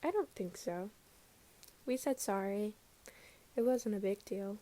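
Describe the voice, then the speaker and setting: A woman voicing a gruff, anxious young man who is a tipsy boyfriend, talking low and mumbling in a podfic reading. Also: lively intonation, a little slow, warm tone, lightly acted.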